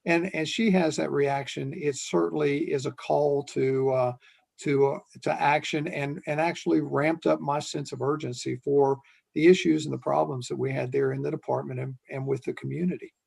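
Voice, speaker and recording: Older male guest, ex-police chief, fry in the voice, earnest and unhurried. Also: a little high, steady tone, darkish tone. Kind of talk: conversational interview storytelling.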